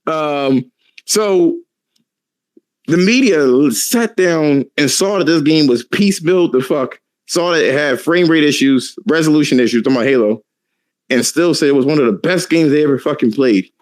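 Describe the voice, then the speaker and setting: A man's voice: fairly high pitch, normal speed. A man hosting a casual podcast, ranting animatedly and cursing a lot. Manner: profane, animated ranting with laughs. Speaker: podcast host.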